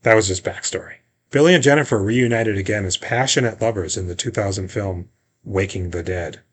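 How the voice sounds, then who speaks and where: A man co-hosts a casual movie-review podcast, gossiping and griping about a film in a loose, profane, animated storytelling style. His voice is lowish with a breathy edge, and he talks briskly.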